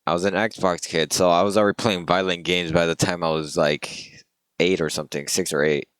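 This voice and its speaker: Very deep-voiced young man, joking. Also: fairly even intonation, a little fast, smooth. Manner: joking, rambling, trails off quietly. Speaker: podcast co-host. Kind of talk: casual chat.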